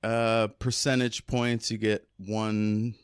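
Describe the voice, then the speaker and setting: A man's voice: fairly low pitch, flat delivery, slow pace, clear, resonant tone, no echo, clean studio sound. A man in his forties, a podcast guest, chatting casually in a rambling, hesitant way and often correcting himself. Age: 40s. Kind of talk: casual chat.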